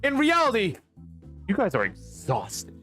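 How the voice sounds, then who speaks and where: A man running a tabletop game as game master, narrating in an animated, halting way with many restarts. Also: high-pitched, soft background music.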